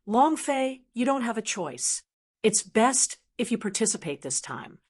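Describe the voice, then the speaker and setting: A woman's voice: fairly high pitch, sing-song, a little slow. Woman reading as a cold sneering clan rival. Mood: threatening. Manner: sneering, threatening. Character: cold, menacing young male clan rival.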